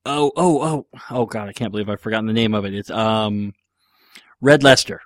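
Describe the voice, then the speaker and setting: A man's voice: lowish voice, a little fast, no room sound, clean studio sound. A man hosting a podcast, casually answering listener questions in a rambling, joking way with lots of fillers. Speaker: podcast host.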